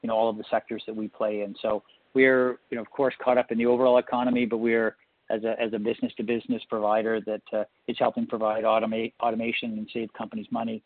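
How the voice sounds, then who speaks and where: A man speaking as a company executive on an earnings call, halting with many fillers. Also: fairly low pitch, level tone, no room sound. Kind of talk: conference call answer. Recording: tinny phone line.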